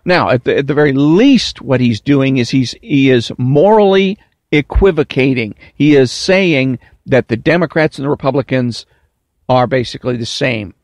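A man delivering a political commentary monologue, deliberate and emphatic, slowing to stress key words. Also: medium pitch, lively intonation, a little mellow, no room sound. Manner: deliberate, emphatic, drawn-out stresses, mocking whiny impressions.

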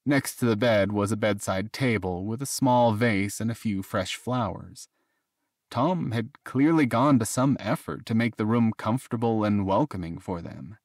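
A man reading a fantasy romance audiobook in a measured, even narration. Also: fairly low pitch, dry recording, clean studio sound. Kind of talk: scripted narration.

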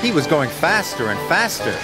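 A man reading scripted storybook narration for a children's cartoon, slow and expressive. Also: on the high side, music in the background.

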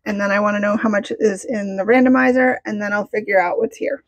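A woman chats casually on her vlog while counting out cash. She sounds bubbly and excitable, and her voice sits in a middle pitch. She often talks to herself as she counts. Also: fast, slight background noise. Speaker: budgeting vlogger.

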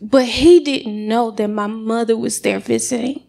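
High, gravelly woman giving a dramatic testimony. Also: a little slow. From United States. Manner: animated, dramatic storytelling. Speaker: church member giving testimony. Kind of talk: personal testimony.

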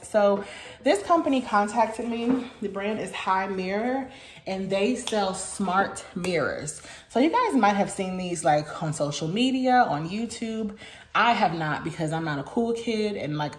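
Woman vlogger, unhurried but gushing, roomy echo, faint hiss. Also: mid-range voice. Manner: gushing and excitable, many "oh my gosh"s. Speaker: beauty vlogger. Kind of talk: casual vlog chat. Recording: echoey room with faint noise.

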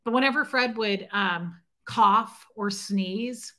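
A woman's voice: medium pitch, slow, sharp tone. A woman hosting a livestream, telling a personal story in a rambling, emotional way and greeting chat viewers by name. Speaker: livestream host. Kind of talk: emotional casual livestream talk.

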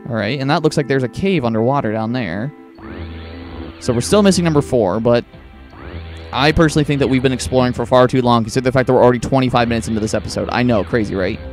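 A man's voice: medium pitch, quick pace, a little mellow, soft background music. A young man hosting a let's-play, rambling through casual gameplay commentary with lots of filler words. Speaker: gaming channel host.

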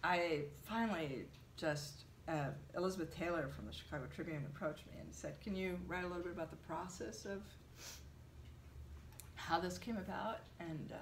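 Woman, low voice, animated storyteller, echoey room. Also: normal speed, a little hiss or hum. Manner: animated storytelling, many fillers. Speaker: translator, interviewee. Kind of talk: conversational interview.

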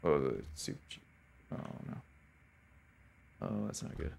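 A man's voice: a bass voice, sing-song, slow pace, creaky, a little mellow, slightly rough. A man streaming a horror game, talking to his chat as he plays, reacting with swearing and laughter. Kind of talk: casual gaming commentary.

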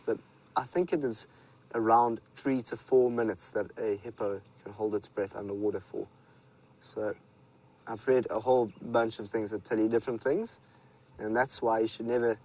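A South African man with a fairly low voice guides a live safari from the bush. He tells folk stories and chats with viewers in a relaxed, easy way. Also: rough recording. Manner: relaxed storytelling, speaks to viewers. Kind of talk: live wildlife commentary. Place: outdoors in the bush.

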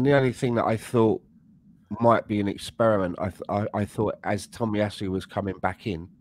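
A man from Canada, co-hosting a podcast and talking through a match in a measured, thoughtful way. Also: on the low side. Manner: measured, thoughtful, hesitant with fillers. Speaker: podcast co-host. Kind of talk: casual chat, match analysis.

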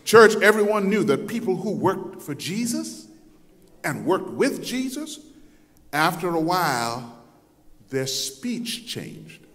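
Slow, bright-voiced man preaching in reverberant church. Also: high voice, big pitch swings. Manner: dramatic storytelling preacher, acts out voices; swings from loud to soft. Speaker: pastor. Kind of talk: sermon. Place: church sanctuary. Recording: long hall reverb.

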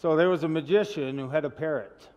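Male pastor, casual chatty sermon style, fairly high voice, long church reverb. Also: quick pace, a little mellow, dull audio. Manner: chatty, asks the congregation questions. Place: church sanctuary.

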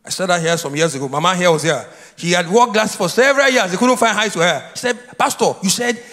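High, lively preacher in an echoing hall. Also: male voice, fast. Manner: repetitive, prompts congregation to answer. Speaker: pastor. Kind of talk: sermon with call and response. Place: church sanctuary. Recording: long hall reverb.

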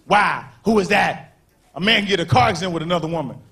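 A man doing a stand-up comedy routine on stage, talking in an animated way and acting out characters in quick voices. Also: high voice, creaky. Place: comedy club stage before a live audience. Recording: live show with crowd laughter and faint noise.

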